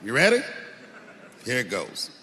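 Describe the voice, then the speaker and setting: A man telling profane stand-up stories on a large stage into a handheld mic. His voice sits high and swings widely as he shouts his punchlines. The long hall reverb and audience noise mark it as a live theater recording. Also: huge pitch swings, a little slow. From Washington, D.C. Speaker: stand-up comedian.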